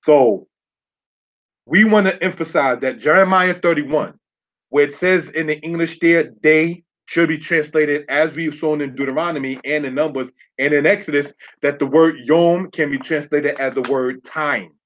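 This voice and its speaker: A man preaches a teaching sermon in a somewhat high voice, repeating his key points and asking his listeners whether they follow him. The recording sounds dull and lo-fi. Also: steady tone, moderate pace, fairly bright tone. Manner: repeats key phrases, checks in with the audience. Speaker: teacher of a congregation.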